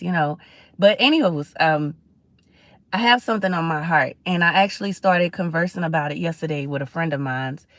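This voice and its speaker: A chatty middle-aged woman hosts her livestream, speaking in a fairly low voice. She talks in a preachy, conversational way and greets viewers as she goes. The sound is dry and close, with no room echo. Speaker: livestream host. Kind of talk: casual livestream talk.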